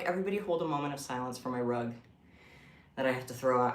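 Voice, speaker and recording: A young man chatting casually on a home craft livestream, expressive and rambling. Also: medium pitch, fast talker, slight background noise. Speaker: craft streamer. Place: room at home. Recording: echoey room.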